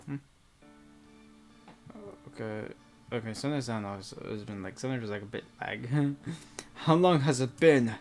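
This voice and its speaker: A man's voice: mid-range voice, moderate pace, pauses often, darkish tone, soft background music. A man reading a visual novel aloud with casual, rambling commentary full of fillers.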